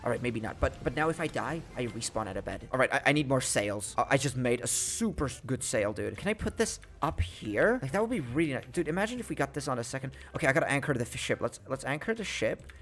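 A young man commentating his gameplay, talking casually with slang and getting loud and panicky when danger comes. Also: medium pitch, fast talker, hardly any pauses. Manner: excitable, panics and pleads loudly in danger; casual slang, says "dude" and "mate". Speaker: gaming YouTuber.

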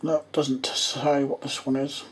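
A man's voice: medium pitch, little pitch movement, measured pace, noisy background. An English man vlogging at home in his bedroom, rambling and muttering to himself in casual running commentary as he tidies up, often trailing off mid-thought. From England.

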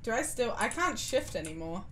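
Animated, playful woman streamer. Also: fairly high pitch, moderate pace, slight background noise. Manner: playful, animated, chatty and giggly. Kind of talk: gaming commentary with viewers.

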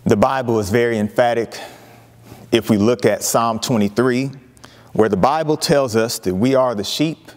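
A man preaching a sermon, emphatic, with dramatic pauses and lively retellings of scripture. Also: medium pitch, in a large hall. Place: church sanctuary.

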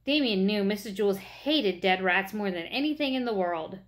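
A woman's voice: mid-range voice, lively intonation, normal speed. Woman reading a children's story.

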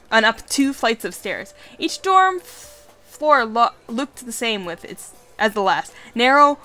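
A woman's voice: on the high side, bright, forceful tone. A woman hosting a let's play, reading a dating game aloud with casual, giggly commentary and swearing.

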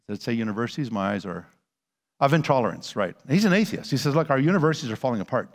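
A man giving a conference lecture with slides as a Christian apologist, animated and sarcastic, full of rhetorical questions. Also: medium pitch, a little fast. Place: church conference hall. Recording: long hall reverb.

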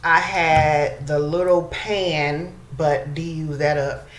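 A woman's voice: deep voice, fairly even intonation, takes it slowly. A woman chatting casually to her viewers in a beauty vlog, calling them y'all. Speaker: beauty vlogger. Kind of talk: casual chat to camera. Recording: echoey room, faint background noise.

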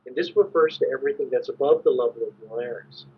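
A man giving a measured, explanatory academic lecture as an invited conference speaker. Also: mid-range voice, slight background noise. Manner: measured, explanatory, clears throat at times. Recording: dull lo-fi recording.

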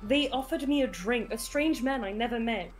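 A woman's voice: a little high, normal speed, faint music behind. Giggly woman chatting through a game. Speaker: stream moderator and co-op partner. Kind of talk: casual gaming chat.

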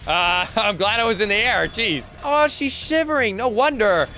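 A young man talks through his game in a high, bright, bouncing voice, chatty and excitable, breaking into laughs and yelps. Faint game music plays underneath him. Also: moderate pace. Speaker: gaming channel host. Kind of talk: let's play commentary.

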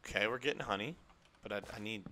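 A young man streaming a game live, chatting in a rambling, excitable way to his viewers and to the creatures on screen. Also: fairly low pitch, fast talker, noisy background. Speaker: gaming streamer. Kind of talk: live gameplay chat.

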